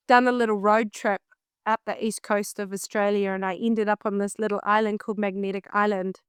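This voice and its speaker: A woman with a New Zealand accent telling a story in a casual interview, lively and acting out her own past thoughts. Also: medium pitch, clean tone, no echo, studio quality. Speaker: guest, singer and vocal coach.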